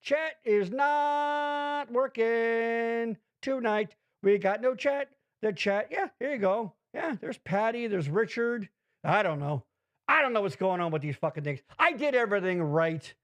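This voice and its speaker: A man's voice: high-pitched, moderate pace, no room sound. A man hosting a live-streamed show, rambling and swearing in casual chat. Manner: rambling, swears freely, animated. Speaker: podcast host.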